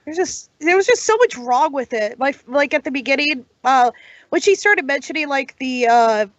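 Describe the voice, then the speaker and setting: A woman's voice: sits high, animated, no echo, lo-fi sound. A woman co-hosting a podcast, talking in exasperated casual chat, swearing and stumbling through fillers. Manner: exasperated, profane, halting with fillers. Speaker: podcast co-host.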